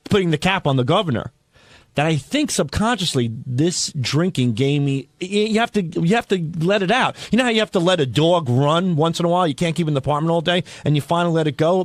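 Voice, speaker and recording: A high-pitched man tells a rambling, defensive story in casual radio banter. The studio sound is close and dry. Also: dry recording. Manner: rambling, defensive storyteller, rolls with his bits. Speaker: radio show regular. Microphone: studio microphone.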